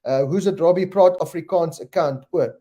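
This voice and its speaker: Male live-stream host, casual and chatty, warm darker tone, reads fan comments aloud. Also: a little high, normal speed, highs cut off. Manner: chatty, reads viewer names and questions aloud.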